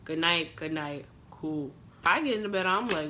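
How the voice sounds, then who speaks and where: A young American woman chats through a personal storytime, piling up fillers and acted-out quotes as she goes. Her voice sits a little low for a woman. A faint hiss of room noise hangs under it. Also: expressive, normal speed, sharp tone. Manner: chatty, filler-heavy retelling with quoted dialogue. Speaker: vlogger. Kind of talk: casual storytime.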